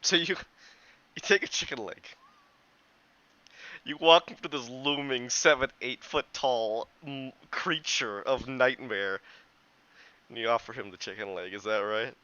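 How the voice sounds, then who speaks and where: A man's voice: mid-range voice, unhurried, long pauses, bright, forceful tone, no room sound. A man narrating a tabletop game as game master, in a loose, chatty way with many restarts. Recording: dull lo-fi, dry.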